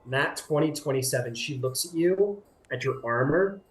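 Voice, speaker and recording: A man's voice: a little high, animated, normal speed. A man narrating a tabletop game as game master in a casual, rambling way full of fillers. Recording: echoey room with faint music.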